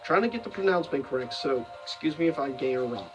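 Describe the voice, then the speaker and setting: A man's voice: medium pitch, expressive, quick pace, distant mic, music in the background, poor audio. A man giving a casual, rambling commentary as a video host, full of fillers and self-corrections. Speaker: video host ranking seasons of a cartoon.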